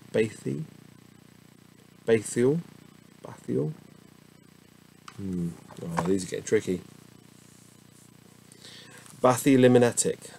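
A man's voice: lowish voice, vocal fry, darkish tone, a little hiss or hum, low-quality recording. A tired middle-aged man, casually reading dictionary entries aloud with musing asides. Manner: slow, musing, chatty asides.

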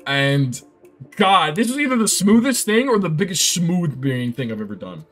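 A young man live-streaming a game, chatting casually and telling rambling, excitable stories. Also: a little high, moderate pace, soft background music.

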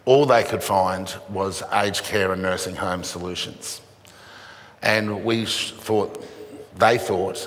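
A middle-aged man, a charity chief, telling stories in a keynote speech, halting and self-mocking. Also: lowish voice, a bit bright. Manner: halting storytelling with dry self-mocking humor. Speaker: charity CEO, event speaker. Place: event venue with an audience. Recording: echoey event hall reverb.

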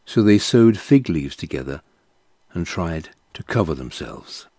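Slow deep-voiced man reading scripture. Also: big pitch swings, darkish tone, no room sound. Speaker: scripture reader.

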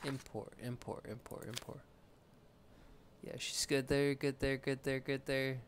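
A man's voice: medium pitch, level tone, unhurried, heavy background noise. A man giving loose let's play commentary while playing a game, rambling, joking and swearing casually. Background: video game music.

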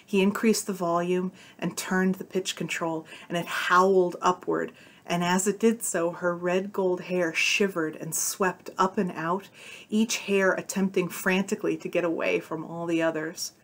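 Woman, low-pitched, story reading, shifts tone for dialogue. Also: fairly even intonation, measured pace. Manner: voices the characters' dialogue with shifts of tone. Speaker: narrator reading a short story aloud. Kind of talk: audiobook-style story reading.

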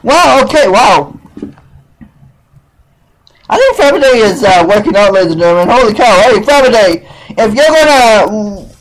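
A man from Wisconsin hosting a casual live internet radio show, excitable and stumbling over guests' names. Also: high voice, normal speed, pauses often, poor audio. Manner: addresses audience as ladies and gentlemen.

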